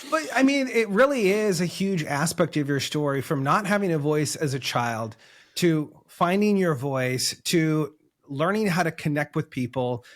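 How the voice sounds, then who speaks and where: Slightly high-voiced male interview host. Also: lively intonation, moderate pace. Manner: admiring, searching for words. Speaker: podcast host. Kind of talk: interview questions.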